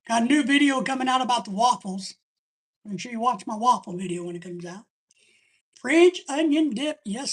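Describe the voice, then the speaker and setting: A woman's voice: a little high, breathy edge. A woman hosting a live stream in casual chat, rambling and chatty as she reads viewer comments aloud.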